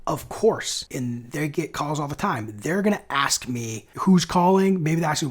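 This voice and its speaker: A man hosting a sales lesson, explaining cold-call tactics in an upbeat, energetic teaching manner. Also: mid-range voice, a little fast, few pauses, breathy edge. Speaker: sales coach and channel host. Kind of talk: instructional video lesson.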